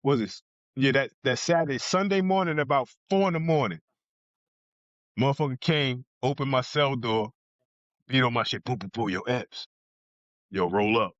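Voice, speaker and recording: A man's voice: mid-range voice, normal speed, dry recording. Jersey guy telling a story on a podcast, cursing a lot, acts out what people said, dull dry sound. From New Jersey. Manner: blunt and profane, acts out other people's lines. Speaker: podcast guest. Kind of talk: casual storytelling.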